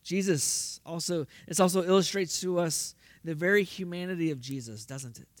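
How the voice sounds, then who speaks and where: A man's voice: a little high, normal speed, no room sound, clean studio sound. A man preaching a sermon, asking the congregation rhetorical questions and rising to emphatic bursts. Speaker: pastor.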